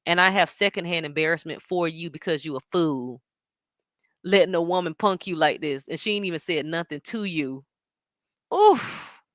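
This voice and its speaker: A woman hosting a show, talking in an animated, sassy way with plenty of slang while she reacts to a stream. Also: sits low, a little fast, no echo, studio quality. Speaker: show host. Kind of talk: casual commentary reacting to a stream.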